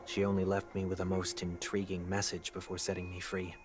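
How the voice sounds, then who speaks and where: An actor voicing a formal, proud young man seeking atonement, speaking in a measured, orderly way, with music behind. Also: low-pitched, completely flat delivery, natural voice. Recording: game audio with loud music behind.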